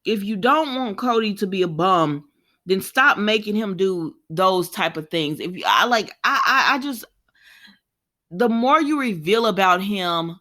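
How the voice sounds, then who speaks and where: Woman, casual recap chat, animated, lively pitch swings, laughs and sighs often. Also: a little slow. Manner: chatty, animated, addresses viewers directly. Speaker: soap opera recap host.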